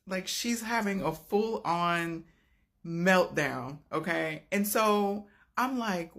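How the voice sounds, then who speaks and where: A woman with a low, gravelly voice tells a personal story in an earnest, heartfelt way. She swings between raised, intense moments and soft, hushed ones, with a grainy fry running through her speech. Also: slow. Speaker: storyteller recounting an encounter.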